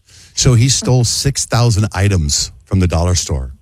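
Male call-in host, low and husky, quick joking banter. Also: animated, a little mellow, no echo. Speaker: radio host. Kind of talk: hosting a call-in radio show.

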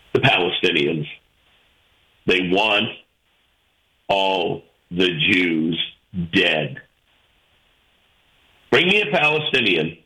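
A male talk radio host speaking into a studio mic, slow and deliberate, with a lowish voice. His delivery is bright and forceful. He argues hard, leans on emphasis and keeps throwing rhetorical questions at his listeners. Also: poor audio. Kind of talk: call-in radio opinion talk.

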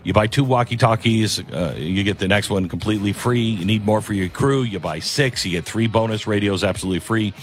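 A man's voice: fairly low pitch, brisk, few pauses, slight background noise. A man hosting a talk radio show, speaking in a rambling, conversational monologue with frequent restarts. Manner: rambling, conversational, self-interrupting.

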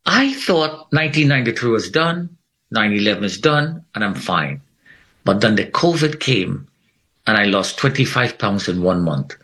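A man's voice: on the low side, sing-song, normal speed, a bit bright, poor audio. A middle-aged man telling his life story in conversation, earnest and emphatic, repeating phrases for weight. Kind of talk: personal testimony in conversation.

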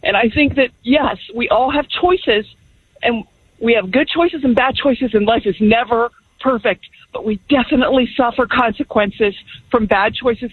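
A woman's voice: a little high, breathy edge, phone-quality sound. A middle-aged woman calling in to a radio show, talking earnestly and emphatically. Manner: earnest, emphatic, faith-driven. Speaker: caller. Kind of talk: call-in radio talk.

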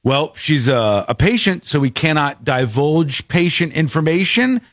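A man's voice: a little high, a little slow, no room sound, clean studio sound. A man hosting a casual talk show, telling stories animatedly and acting out the people he quotes. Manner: animated storyteller, acts out quotes. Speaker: podcast host. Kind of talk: casual chat.

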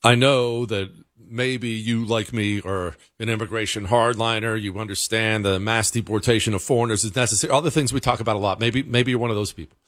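Low-voiced man, dry emphatic commentary. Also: a little fast, few pauses, no room sound. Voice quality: conversational, emphatic, excitable pitch jumps. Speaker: commentary show host. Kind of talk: casual political commentary.

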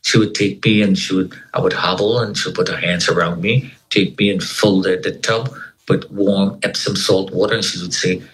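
A man giving an earnest personal testimony in an interview, quoting scripture and rising in pitch when moved. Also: fairly even intonation, moderate pace, fairly bright tone, low-quality recording. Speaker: interview guest.

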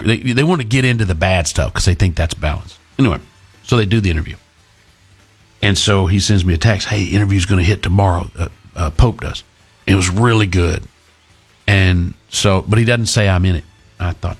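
Husky-voiced talk radio host. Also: male voice, deep voice, fairly quick, soft background music. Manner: rambling, self-deprecating storytelling. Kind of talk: casual talk radio monologue.

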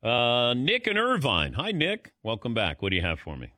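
A man's voice: medium pitch, huge pitch swings, pushed and bright, dry recording, clean studio sound. A man hosting a sports radio talk show, easygoing and jokey. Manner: easygoing, jokey, quick to laugh. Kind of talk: casual sports radio chat.

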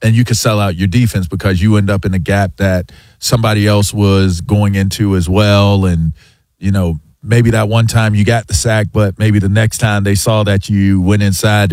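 Male co-host, lower voice, opinionated and emphatic, dry studio sound. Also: darkish tone, no echo. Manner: emphatic, opinionated, talks in long run-on thoughts. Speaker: sports talk show co-host. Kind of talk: casual sports radio chat.

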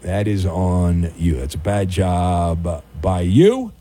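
This late-night sports radio host has a low, warm voice, very animated yet unhurried. Speaking into a studio microphone in casual talk-radio fashion, he reads listener messages and ribs his co-host in a dry, mock-sympathetic way.

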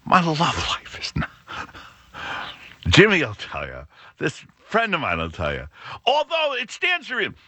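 A man's voice: a little high, huge pitch swings, measured pace, pauses often, sharp tone, no room sound. A middle-aged man hosting a podcast, telling a rambling, self-deprecating story with many restarts. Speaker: podcast host. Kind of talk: casual monologue.

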